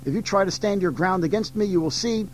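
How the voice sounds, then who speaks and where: A man's voice: high-pitched, fast talker, close to an everyday voice. A man voicing a haughty female demon queen who commands her servants. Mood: imperious.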